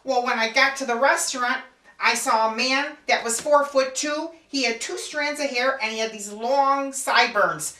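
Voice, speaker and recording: Woman playing an exasperated old widow, comedy sketch, sighing and groaning, bright tone, echoey room, mic far away. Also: high voice, moderate pace. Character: widowed elderly mother, fussy and exasperated. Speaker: comic character.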